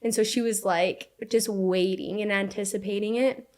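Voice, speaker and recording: A young woman telling a personal story as a podcast guest, animated, with lots of "like" fillers, acting out what people said. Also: mid-range voice, normal speed. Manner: animated, frequent "like" fillers, acts out quotes. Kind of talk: casual storytelling.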